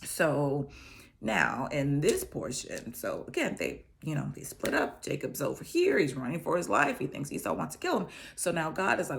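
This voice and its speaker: A middle-aged woman with a low, gravelly voice shares a personal testimony in a casual, chatty way. Her pitch swings up and down a lot as she acts out Bible characters in quick asides. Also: wildly swooping pitch. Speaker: host sharing a personal testimony. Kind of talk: casual Bible storytelling and encouragement.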